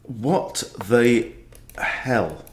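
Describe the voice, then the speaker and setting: Very slow and at a medium pitch with big pitch swings, a middle-aged chess coach delivers exasperated, self-mocking live commentary on his own online games. He sighs as he goes, in an echoey room.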